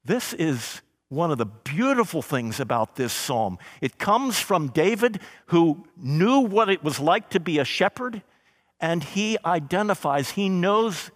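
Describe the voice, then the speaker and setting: A man preaching a sermon, slow and emphatic, with dramatic pauses and scripture read aloud. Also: fairly high pitch, a bit bright, big-room sound. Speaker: pastor.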